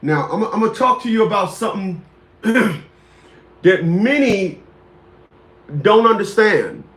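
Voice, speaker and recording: A man's voice: high voice, expressive, takes it slowly, a bit bright. A man in his fifties hosting a talk show, telling a story in a rambling, casual way, repeating words and greeting viewers by name. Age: 50s.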